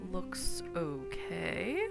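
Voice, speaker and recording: A woman's voice: fairly low pitch, expressive, very slow, vocal fry, loud music behind the voice. A woman streamer chatting casually and reading game text aloud while playing, laughing often.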